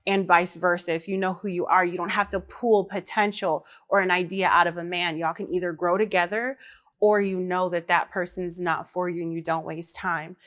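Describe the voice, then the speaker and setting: A woman's voice: lowish voice, steady tone, moderate pace, fairly bright tone. A woman, chatting candidly and directly to her viewers. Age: 30s. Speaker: vlogger. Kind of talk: casual chat to camera.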